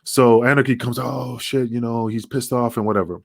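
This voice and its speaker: A middle-aged man on a podcast, recounting a story in a loose, profane, animated way and jumping into the voices of the people in it. His voice sits mid-range and sounds close and dry, with no room behind it. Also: mid-range voice, brisk, dry recording. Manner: profane, animated, acts out dialogue. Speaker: podcast guest. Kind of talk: casual storytelling.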